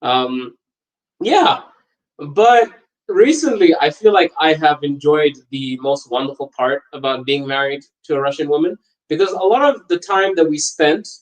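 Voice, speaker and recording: Laughing, animated man telling stories. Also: a little high, poor audio. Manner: animated anecdotes, laughs often. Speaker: podcast host. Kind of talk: casual storytelling chat.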